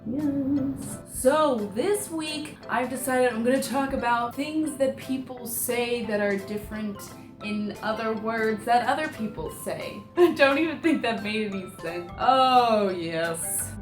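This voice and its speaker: A woman's voice: a little high, a little slow. A young woman vlogging in a casual, rambling way, goofy and self-mocking. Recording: echoey room with faint music.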